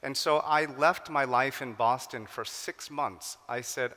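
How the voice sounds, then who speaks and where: In a large hall, a middle-aged American man delivers a keynote at a forum, telling his story with animated quoted voices and bits of Korean. His tone is bright and forceful, his pitch is medium, and he speaks at a measured pace with few pauses while a long reverb trails each line.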